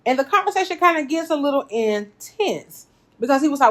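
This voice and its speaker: A woman hosting a casual reaction recap, talking straight to her viewers, animated and laughing often. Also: high-pitched, fairly quick. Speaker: reality TV recap host.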